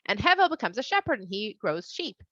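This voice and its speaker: Bright playful woman retelling a bible story for kids, slangy, dull lo-fi recording. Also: mid-range voice, big pitch swings, fairly quick, no echo.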